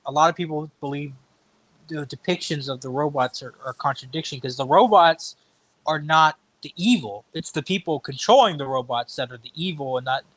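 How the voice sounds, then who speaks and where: Jokey guy ranting about books, highish bright voice, dry mic. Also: normal speed, no room sound. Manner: animated, jokey, swears casually. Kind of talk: casual chat.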